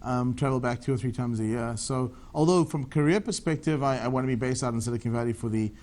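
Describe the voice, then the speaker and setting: Guest: South African man in his thirties, rapid-fire and eager, answers ramble with restarts. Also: mid-range voice, a little mellow. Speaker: tech entrepreneur guest. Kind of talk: TV business interview.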